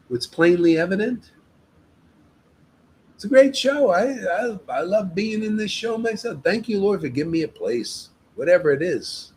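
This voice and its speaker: A man's voice: high voice, sing-song, normal speed, darkish tone, a little hiss or hum, low-quality recording. A man leading a devotional meetup, giving an informal spiritual talk in an emphatic, exhorting way and often addressing listeners as "man".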